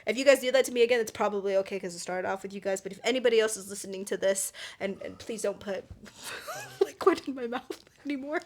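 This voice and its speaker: Giggly, animated woman co-host. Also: mid-range voice, quick pace. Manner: giggly, animated storytelling, swears casually. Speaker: podcast co-host. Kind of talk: casual chat.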